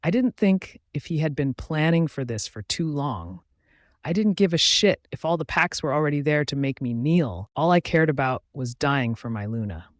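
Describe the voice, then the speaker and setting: A man's voice: on the high side, lively intonation, moderate pace, no room sound, studio quality. A man narrating a first-person audiobook in a dramatic, intense storytelling manner.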